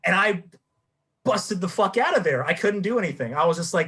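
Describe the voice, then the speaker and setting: A young man with a high, fairly quick, husky voice chats casually as a podcast co-host. He tells a story with real energy, acting out the quotes as an animated storyteller.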